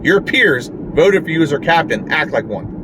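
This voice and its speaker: A man's voice: fairly high pitch, sing-song, normal speed, background noise. A man ranting frustratedly and bluntly as a sports fan, swearing often.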